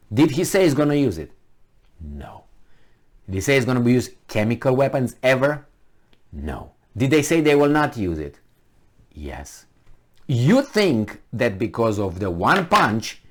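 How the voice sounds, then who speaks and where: Sarcastic, animated male vlogger. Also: medium pitch. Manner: sarcastic, incredulous rhetorical questions. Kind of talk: opinionated solo commentary.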